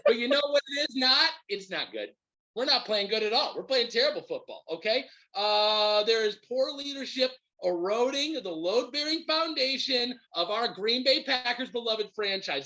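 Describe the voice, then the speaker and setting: Speaking at normal speed in a very high voice, a podcast host rants about his football team with heated, profane, animated commentary typical of a fuming sports fan. The recording is low quality.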